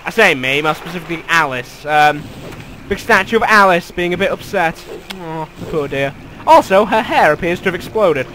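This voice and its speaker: Young guy doing let's play commentary, high sharp voice, cussing at the game, game music behind. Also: expressive, moderate pace, a little hiss or hum, rough recording. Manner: sweary, sarcastic, exasperated. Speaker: gamer. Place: bedroom at home.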